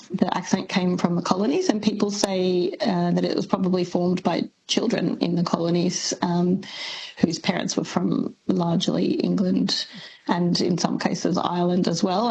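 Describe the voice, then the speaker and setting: A woman's voice: on the low side, creaky, darkish tone, a little hiss or hum, low-quality recording. A woman linguist as a radio guest, explaining thoughtfully with many ums. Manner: thoughtful, lots of ums, laughs easily. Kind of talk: radio interview.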